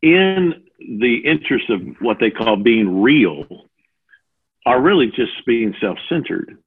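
A man in his sixties who mentors preachers, answering interview questions in an animated way and acting out the voices he quotes. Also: medium pitch, slow, slightly rough. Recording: phone-like narrow audio.

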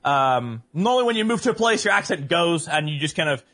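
A man's voice: fairly high pitch, a little fast. A man in his thirties with a mixed English, Northern Irish and American accent, telling stories in a casual chat, laughing and swearing often. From Northern Ireland and England, raised abroad. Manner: laughing, swearing, animated storyteller. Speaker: podcast guest.

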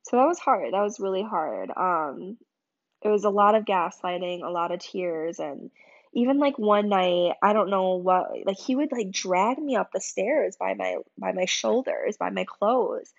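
A woman's voice: medium pitch, unhurried, creaky, dull audio. A young woman hosting a podcast, telling her own story in a candid, emotional way, swearing freely and filling with "like" and "um". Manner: emotional, confiding, swears, lots of "like" and "um". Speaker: podcast host.

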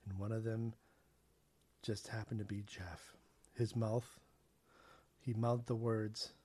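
A man reading the part of an obsessive young stalker in a low, brooding, deliberate way. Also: warm tone, husky.

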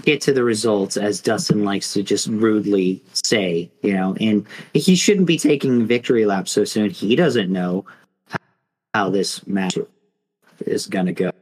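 A man's voice: fairly low pitch, measured pace, darkish tone, breathy edge, poor audio. A man co-hosting a podcast, telling a mock fight in a rambling, casual way full of fillers. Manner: rambling, filler-heavy storytelling. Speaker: podcast co-host.

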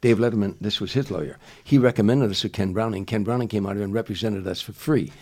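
A man's voice: lowish voice, fast talker, a little mellow. An older man from Chicago, a guest comedian telling a long story in a rambling way, full of restarts and "you know". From Chicago, USA. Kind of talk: casual storytelling.

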